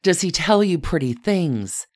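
A woman's voice: very animated, measured pace, a little mellow. A woman voicing a huge, imposing older lady with an upper-class English accent who barks orders and questions. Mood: imperious. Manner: booming, imperious questions.

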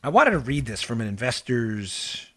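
A man's voice: mid-range voice, big pitch swings, moderate pace, sharp tone, dry recording. A man hosting a podcast, giving emphatic, sarcastic political commentary and repeating phrases for effect. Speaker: podcast host.

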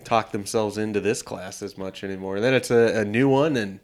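A man hosting a sports podcast in a relaxed, chatty way, with a slightly low voice. He chuckles and restarts his sentences as he thinks out loud. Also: moderate pace. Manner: easygoing, chuckles, many restarts. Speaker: podcast host. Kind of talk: casual sports podcast chat.

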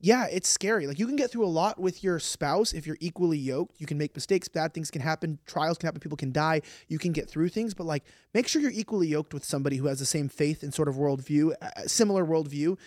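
A man co-hosting a podcast chats casually in a live-stream style, rambling animatedly with lots of fillers. His voice is fairly high, and he talks fast with few pauses on a dry, studio-quality recording.

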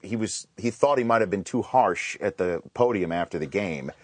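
A man's voice: low-pitched, lively intonation, moderate pace, dry recording. A man hosting a casual sports radio chat, telling stories and laughing along with his guests. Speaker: host.

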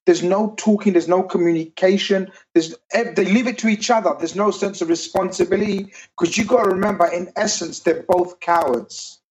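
A man talking football in a casual, animated chat, swearing and ranting. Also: high-pitched, normal speed, hardly any pauses, poor audio. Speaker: football podcast panelist.

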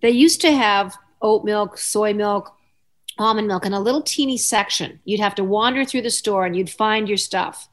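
A woman's voice: mid-range voice, moderate pace. A woman hosting a talk show, chatting casually and thinking aloud. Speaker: host. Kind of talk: casual radio chat.

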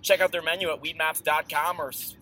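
Bright man reading an ad in a car. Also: on the high side, fairly even intonation. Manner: brisk, upbeat, brief stumbles. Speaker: podcast co-host reading an ad. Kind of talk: read advertisement. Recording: faint street and car noise.

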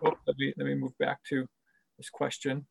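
Male moderator, gravelly fry in the voice, reads questions, trips and self-corrects; video-call sound. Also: mid-range voice, completely flat delivery, normal speed. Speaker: webinar moderator.

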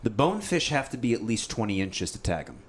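Animated man telling a fishing story. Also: lowish voice, fast talker, a little hiss or hum. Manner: animated storyteller, acts out quotes, says "dude" often. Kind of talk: casual storytelling chat.

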